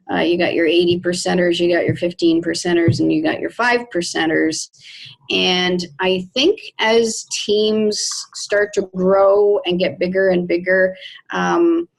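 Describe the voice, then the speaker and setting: A woman in network marketing, talking slowly and emotionally on a video call about her team and takeaways. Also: fairly low pitch, steady tone, creaky, low-quality recording. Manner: slow, warm, heartfelt and emotional. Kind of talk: casual video call chat.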